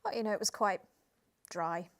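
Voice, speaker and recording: A woman's voice: medium pitch, normal speed, lightly acted. Dingo Dan, a woman playing a prim British adventurer. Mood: earnest. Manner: calm, earnest, piles on flowery metaphors. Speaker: guest.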